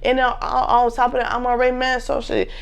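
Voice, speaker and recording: A woman's voice: fairly high pitch, completely flat delivery, brisk, gravelly, clean tone. A young woman in her twenties casually telling a personal story to viewers, candid and full of slang.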